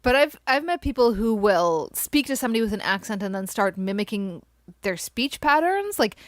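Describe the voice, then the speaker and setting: A woman guest-hosting a podcast in casual chat, animated and blunt, quick to laugh. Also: a little high, no echo, studio quality.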